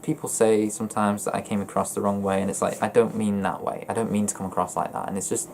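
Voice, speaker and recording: A young man vlogging about his feelings in a flat, monotone voice, hesitant and often stopping to correct himself. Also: on the low side, gravelly, a little hiss or hum. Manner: hesitant, halting and self-correcting. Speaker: gaming YouTuber. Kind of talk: personal confessional vlog.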